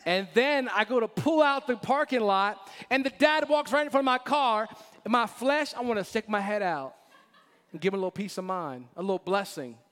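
A pastor in his forties giving a sermon, telling stories with laughter and moving between loud emphasis and quiet, earnest lines. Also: high-pitched, moderate pace. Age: 40s. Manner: animated storytelling with laughter, swings between loud and hushed. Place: church sanctuary. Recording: long reverb of a church hall.

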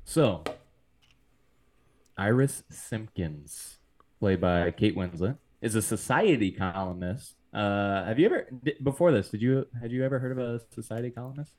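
Tiefe Männerstimme, lockerer Film-Podcast. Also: male voice, lowish voice, lively intonation, normal speed, a little mellow. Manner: reads plot summary, laughs often. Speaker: podcast host. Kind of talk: casual movie recap chat.

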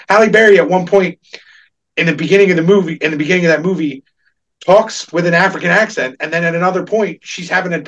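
A man in casual pop-culture chat, opinionated and animated, laughing often as he makes his points. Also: fairly high pitch, far from the mic, low-quality recording.

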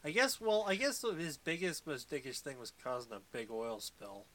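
A man's voice: mid-range voice, sing-song, normal speed, bright, forceful tone. A man co-hosting a casual movie recap podcast, laughing, swearing and riffing on the plot. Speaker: podcast co-host.

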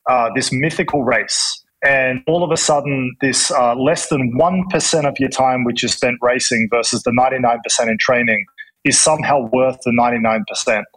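An Australian man talks as a guest on a podcast, with a husky, slightly breathy voice at a middle pitch. He tells his story frankly and thoughtfully, often restarting and leaning on "you know". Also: moderate pace, fairly bright tone, poor audio. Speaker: guest, chef and entrepreneur. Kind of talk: casual podcast interview.

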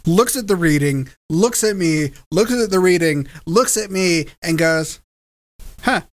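A man co-hosting a podcast in casual chat, halting and repeating words. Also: a little high. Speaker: podcast co-host.

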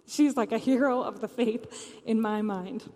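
A woman's voice: fairly high pitch, unhurried, mellow, long reverb tail. A woman preacher giving a sermon, telling a personal story earnestly.

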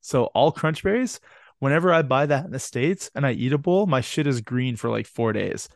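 A man's voice: medium pitch, expressive, moderate pace, gravelly, dry recording, studio quality. A man, co-hosting a podcast in casual chat and telling rambling, profane stories. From Canada. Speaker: podcast co-host.

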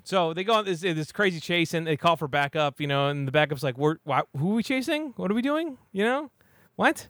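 A young adult man recapping a movie in a rambling, comedic way, full of fillers and quick character voices. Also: a little high, pushed and bright. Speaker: podcast host recapping a movie.

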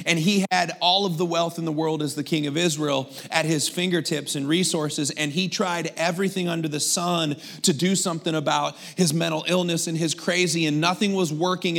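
A man with a high-pitched voice preaches to his congregation. He talks in a lively, conversational way and keeps asking them rhetorical questions. His voice is slightly hoarse, as if he is losing it. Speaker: pastor. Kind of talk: sermon.

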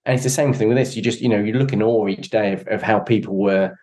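Guy on a podcast, kinda low voice, earnest, thinks out loud and gropes for words. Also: fairly even intonation, fast talker. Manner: earnest and reflective, searching for words. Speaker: podcast guest, endurance cyclist. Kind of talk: casual conversation.

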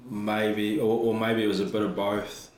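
A man speaking in casual chat, halting and repeating words as he thinks. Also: fairly low pitch, level tone, a little mellow. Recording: echoey room with faint background noise.

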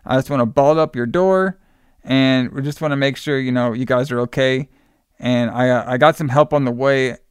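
Guy rambling through a movie recap, smooth clear voice, dry sound. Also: medium pitch, moderate pace, dry recording. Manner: loose and rambling, with many fillers and playful asides. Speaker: podcast host recapping a film. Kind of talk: casual movie recap chat.

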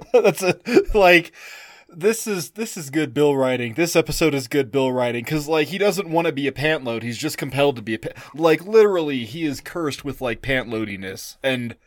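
Loud, tipsy man with a dry sound. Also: medium pitch, animated, normal speed, dry recording. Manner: loud, giggly, swears a lot. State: tipsy from drinking. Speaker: podcast co-host. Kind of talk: casual chat.

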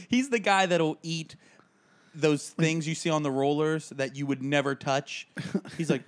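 A man's voice: fairly high pitch, a little slow. A man co-hosting a casual comedy podcast, joking and riffing between his anecdotes. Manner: jokey, riffs into silly bits. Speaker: podcast co-host.

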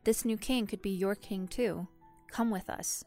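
A woman's voice: mid-range voice, a little slow, mellow, faint music behind, lightly acted. A woman reading a kindly wise king. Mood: inviting.

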